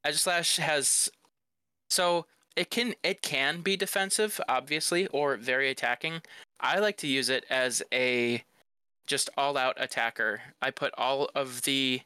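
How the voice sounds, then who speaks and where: A man's voice: medium pitch, bright, forceful tone, smooth, no room sound. A man co-hosting a casual gaming podcast, explaining his picks with enthusiasm. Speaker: podcast co-host.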